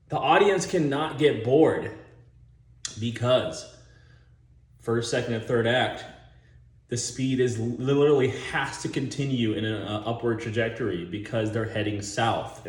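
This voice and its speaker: A man rambling casually with lots of swearing about movie ideas, talking in an animated, chuckling way. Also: mid-range voice, roomy sound. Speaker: movie vlogger.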